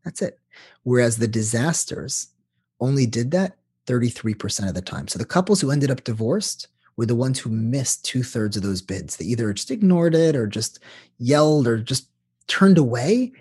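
A man who works as a couples therapist, explaining in an animated way during an interview. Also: mid-range voice, moderate pace, breathy edge.

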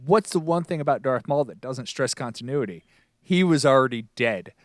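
A man's voice: medium pitch, expressive, normal speed, dry recording, clean studio sound. A man co-hosting a podcast, chatting casually and enthusiastically about a TV show, rambling a little and stumbling over names. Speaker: podcast co-host.

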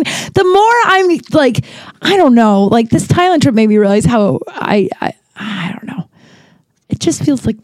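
A woman's voice: mid-range voice, dark tone, no echo. A woman hosting a podcast, telling a personal story in a casual, rambling way, full of fillers and restarts. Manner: candid, lightly profane. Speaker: podcast host.

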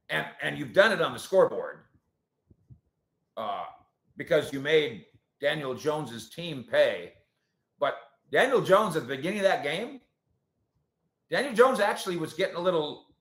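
A man hosting a sports talk show, answering viewer comments in an animated, sarcastic way that swings between loud points and quiet asides. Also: on the high side. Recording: roomy echo.

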